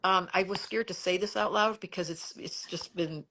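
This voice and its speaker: A woman's voice: on the low side, steady tone, moderate pace, fairly bright tone. A middle-aged woman astrologer chatting emphatically and rambling a little on a live stream.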